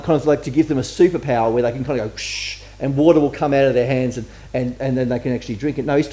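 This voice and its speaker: A man's voice: mid-range voice, darkish tone. A man preaching a conversational sermon to a church congregation and asking them questions as he goes. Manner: chatty, asks the congregation questions. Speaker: pastor. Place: church service before a congregation.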